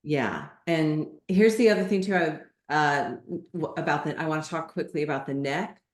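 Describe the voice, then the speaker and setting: A woman yoga teacher giving calm, measured guidance in an online class. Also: deep voice. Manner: calm, measured instruction with gentle reassurance. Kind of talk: guest instruction in a live online class. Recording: echoey room.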